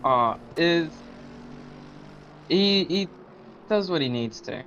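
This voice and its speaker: A man's voice: on the high side, expressive, slow, fairly bright tone, highs cut off, slight background noise. Hesitant teenage boy racing driver. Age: teens. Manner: hesitant, brief answers with ums. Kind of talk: interview.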